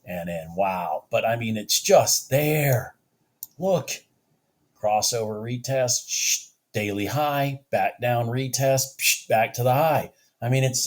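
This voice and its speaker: A man trading futures live at his desk, excitable, repeating himself and cheering the market on, out of breath. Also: mid-range voice, slow pace. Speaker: futures trader vlogging his trades. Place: home office.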